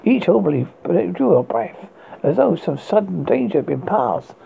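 A British man reads a ghost story aloud in a measured, dramatic way as a horror podcast host. His voice is extremely gravelly and husky, with a lively, rising and falling pitch. The sound is thin and tinny, like a phone line. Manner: measured, slow narration with stumbles.

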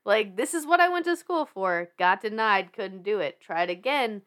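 Woman, thirties, Southern US accent, casual podcast guest, lively pitch swings, laughs and swears a lot. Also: moderate pace. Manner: animated, laughs often, rambling with restarts and swearing. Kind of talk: casual storytelling chat.

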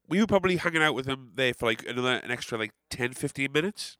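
A man's voice: medium pitch, fast, dry recording. Rambling, swearing Englishman with a dry sound. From England. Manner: rambling and animated, swears a lot, sarcastic asides. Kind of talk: casual anecdote telling.

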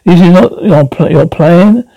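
A man voicing a frail, ancient abbot who speaks in halting, broken phrases. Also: high voice, animated, vocal fry, warm tone, no room sound, lo-fi sound, exaggerated voice. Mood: pleading. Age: older. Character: frail ancient male abbot, weary and urgent.

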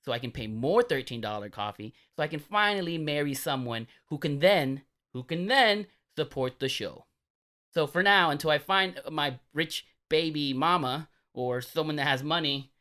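A man co-hosting a comedic podcast, an animated storyteller who acts out the voices in his stories. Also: fairly high pitch. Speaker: podcast co-host.

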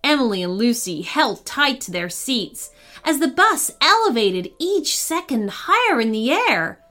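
A woman reading a storybook tale aloud as the host, with expressive, lively delivery. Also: a little high, a little slow, soft background music. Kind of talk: scripted storybook narration.

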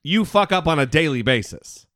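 Male podcast host, lively pitch, fairly high voice, blunt and profane, dry studio sound. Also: normal speed, no room sound. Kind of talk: casual political chat.

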